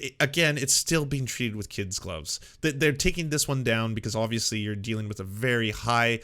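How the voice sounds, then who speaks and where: A young man hosting a political commentary show, animated and sarcastic, slipping into mocking voices of the people he quotes. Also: medium pitch, normal speed, few pauses. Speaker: host.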